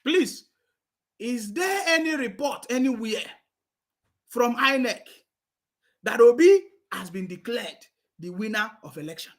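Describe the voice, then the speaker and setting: A man's voice: extremely high pitch, animated, a little slow, pauses often. A man with a Nigerian accent giving mocking political commentary, repeating himself and laughing with scorn.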